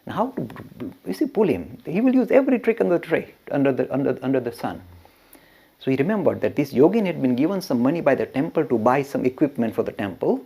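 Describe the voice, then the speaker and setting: A man who teaches religion, telling a story as a lecture with animated asides and frequent chuckles. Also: medium pitch, fast talker, gravelly, slightly rough. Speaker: religious educator.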